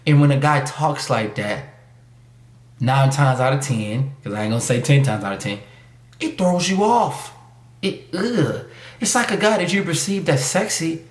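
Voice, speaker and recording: This YouTube commentator has a fairly high voice and a roomy recording. His casual opinion monologue is emphatic, heavy on street slang, with mocking asides and mock voices.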